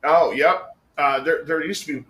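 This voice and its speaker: High, bright-voiced ranting man. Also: moderate pace, reverberant. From Norwegian heritage, US. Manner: profane, ranting, animated. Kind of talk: casual chat.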